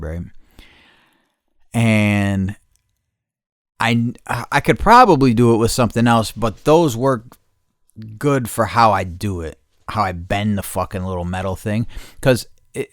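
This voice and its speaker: A man's voice: lowish voice, dry recording, studio quality. A podcast host in casual, rambling storytelling, swearing a lot and repeating himself as he talks. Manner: profane, restless, repeats himself.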